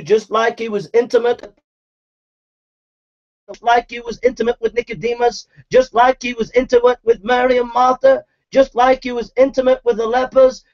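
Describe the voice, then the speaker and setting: Man, fiery preacher, high-pitched, repetitive and shouting, muffled lo-fi recording. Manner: forceful, repetitive exhortation with shouted calls to repent. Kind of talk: fiery street-style sermon. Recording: dull lo-fi recording.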